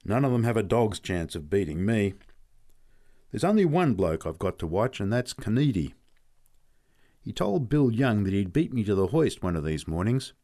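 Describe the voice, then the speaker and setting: A man's voice: lowish voice, sing-song, normal speed, warm tone. A man voicing a short-tempered older milk carter who barks and swears. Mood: curt. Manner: curt, snapping, swearing.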